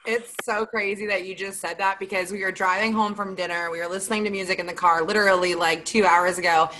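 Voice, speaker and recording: A woman's voice: mid-range voice, fairly even intonation, fast, pushed and bright, poor audio. A young woman, a sales team leader talking in a chatty, emphatic way in a motivational Q&A. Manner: chatty and emphatic, full of "like" and "you guys". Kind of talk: motivational Q&A livestream talk.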